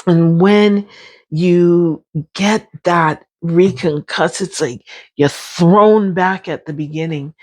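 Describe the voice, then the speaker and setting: A woman's voice: fairly low pitch, takes it slowly, a little mellow. A woman, talking candidly and emphatically in a personal vlog, repeating phrases as she goes. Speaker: brain injury survivor sharing her experience.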